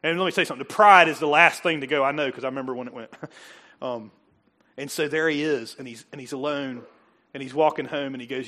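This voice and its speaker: A man's voice: mid-range voice, fairly quick, sharp tone. A middle-aged male pastor preaching a casual, conversational sermon, joking with the congregation and acting out quoted voices. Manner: chatty, joking asides, acts out quoted voices.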